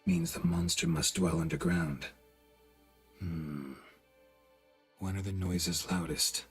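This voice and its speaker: An actor playing a gruff, wry monster hunter in a video game, terse and blunt. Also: male voice, low-pitched, animated, slow, soft background music, heavily acted. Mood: businesslike. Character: gruff middle-aged male monster hunter, curt and wry. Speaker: witcher for hire.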